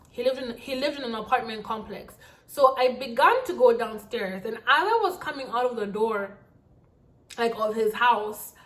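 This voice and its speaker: A woman telling a dramatic storytime vlog in an animated way. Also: on the high side, moderate pace. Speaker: vlogger.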